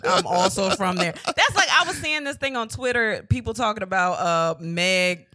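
A woman co-hosting a casual podcast, with a very bright, sharp tone and a lively, swooping pitch. She teases and banters loudly, often laughing and swearing. The talk is quick and unscripted. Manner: loud, laughing, profane banter. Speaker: podcast co-host. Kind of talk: casual chat.

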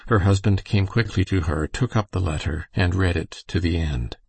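A man reading a novel aloud as an audiobook narrator, with steady, unhurried storytelling. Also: low voice, vocal fry, slightly rough, dry recording. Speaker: audiobook reader. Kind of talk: scripted narration.

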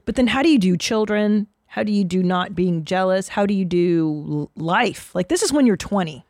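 A woman's voice: medium pitch, expressive, moderate pace, darkish tone, no echo, studio quality. Blunt, bawdy woman chatting casually. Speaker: podcast co-host. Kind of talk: casual chat.

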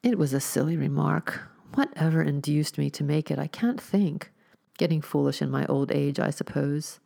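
A woman's voice: low-pitched, moderate pace, creaky, warm tone, heavily acted. A woman reading the lines of a touchy, vain woman of thirty-nine in a storybook, speaking in a snappish, curt way.

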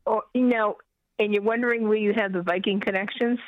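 A woman's voice: mid-range voice, fairly even intonation, fairly quick, no room sound. A middle-aged American woman calling in to a radio show, chatty and often restarting her sentences. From United States. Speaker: caller. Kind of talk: casual call-in chat. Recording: muffled phone-in line.

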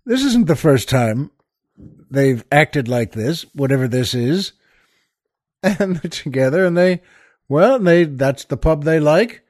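A man's voice: on the high side, lively intonation, takes it slowly, darkish tone, no room sound, studio quality. Rambling man hosting a podcast. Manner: rambling, with frequent fillers and restarts. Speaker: podcast host. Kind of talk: casual monologue.

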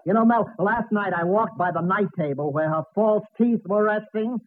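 A man's voice: high voice, normal speed, lightly acted. Male actor as a downtrodden married man cracking jokes; hissy 1940s broadcast. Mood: rueful. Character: Mister Cushing, henpecked lodge president, middle-aged man. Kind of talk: 1940s radio sitcom acting. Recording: tinny old radio broadcast with hiss.

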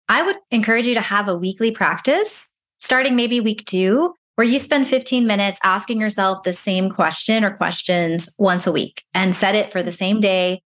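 A woman's voice: mid-range voice, a bit bright. A woman speaking as a career break coach in an interview, giving encouraging advice and acting out little inner voices.

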